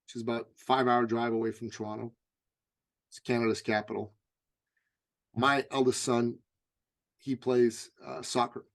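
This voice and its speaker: A man's voice: mid-range voice, level tone, moderate pace, pauses often. A middle-aged man, a guest in an interview, telling a personal anecdote vividly and often restarting with stammered "I, I".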